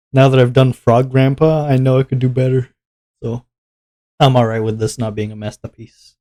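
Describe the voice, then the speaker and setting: A man's voice: mid-range voice, level tone, normal speed, long pauses, dark tone. A male streamer chatting casually to his viewers while drawing, rambling and poking fun at himself with frequent laughs. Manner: rambling and self-mocking, laughs often.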